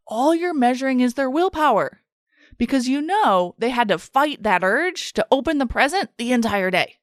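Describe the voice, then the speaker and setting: A woman's voice: mid-range voice, no room sound, studio quality. A woman hosting a solo coaching podcast, explaining ideas conversationally through everyday examples. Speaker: weight loss coach and podcast host.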